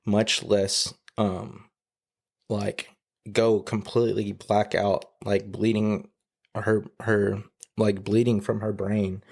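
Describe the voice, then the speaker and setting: A man shares a personal testimony in a low, flat, gravelly voice with a husky edge. He talks haltingly, full of fillers and restarts, and he is close to tears. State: emotional, near tears. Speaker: podcast guest.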